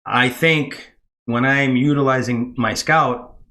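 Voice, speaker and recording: A man with a bright, forceful tone chatting casually on a podcast. He tells stories at an easy pace and jumps into livelier voices when he quotes others. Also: mid-range voice, slow. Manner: storytelling, acts out kids' excited voices. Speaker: podcast co-host.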